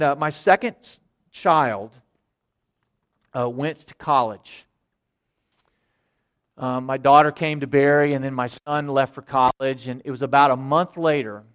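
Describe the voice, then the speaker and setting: A middle-aged man preaching a sermon, earnest, repeating phrases and moving between loud emphasis and hushed quiet. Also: mid-range voice, steady tone, a little slow, long pauses. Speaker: pastor.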